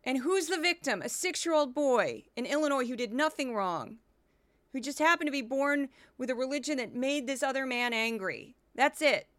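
Woman, podcast host, bright tense voice, dry close sound, earnest and animated. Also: sits high, moderate pace, no echo. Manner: earnest, animated, talks with emphasis. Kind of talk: casual commentary.

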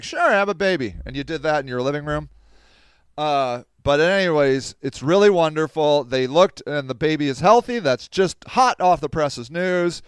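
A man's voice: on the high side, a bit bright, clear, resonant tone, no echo, studio quality. A man hosting a podcast, reading news aloud and commenting on it in a casual, emphatic way. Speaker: podcast host.

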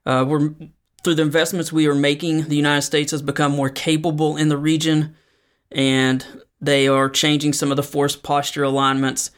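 Male podcast host, slightly higher voice, monotone commentary delivery. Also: normal speed, clean tone. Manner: explanatory, conversational, frequent fillers. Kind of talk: solo news commentary podcast.

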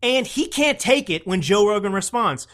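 Combative male podcast host, mocking tone, very animated delivery. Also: sits high, normal speed. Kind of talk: opinionated political commentary.

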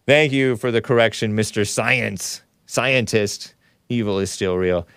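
A man's voice: fairly low pitch, a little slow, a bit bright, clear, resonant tone, no room sound. A man hosting a call-in talk show, rambling with wry asides and frequent self-corrections. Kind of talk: casual call-in show chat.

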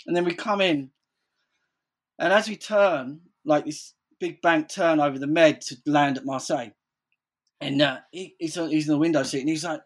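A man's voice: on the high side, normal speed. A man telling stories in casual chat, rambling, swearing freely and saying "like" constantly.

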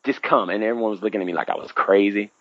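Man, 30s, low-pitched, lively casual storyteller; dry, slightly muffled recording. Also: racing, no room sound. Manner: animated, acts out his own past reactions with big pitch jumps.

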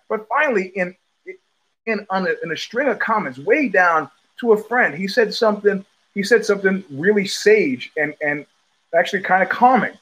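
A middle-aged man hosting his own live show from home, talking in loose digressions with frequent restarts, blunt profanity and quick laughs. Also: high-pitched, lively intonation, fairly bright tone, low-quality recording. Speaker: podcast host. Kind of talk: rambling live-stream monologue.

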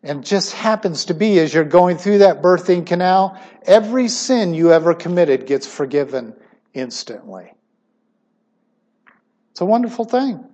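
Slow, high-voiced emphatic male preacher. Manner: emphatic, with sudden swings in pitch and loudness. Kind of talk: sermon.

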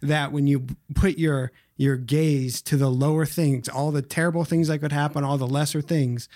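A man's voice: on the high side, fairly even intonation, normal speed, a little mellow, no echo, studio quality. A young adult man hosting a podcast, telling a personal story in an earnest, casual way with many fillers. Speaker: podcast host. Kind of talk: casual interview chat.

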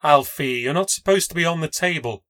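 A man doing a gentle nurse neighbour woman. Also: a little high, animated, fairly quick. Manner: gentle, soothing, motherly. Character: kind middle-aged female neighbour, a nurse.

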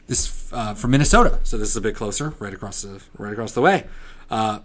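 A man co-hosting a casual podcast, reading old newspaper headlines in a loud old-time newsboy voice between chatty asides. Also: lowish voice, quick pace. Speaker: podcast co-host.

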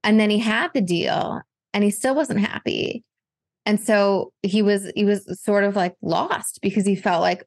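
Woman guest, reflective and loose, mid pitch with a gravelly edge, dry sound. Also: a little slow, no echo. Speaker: literary agent and author, podcast guest. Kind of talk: casual podcast conversation.

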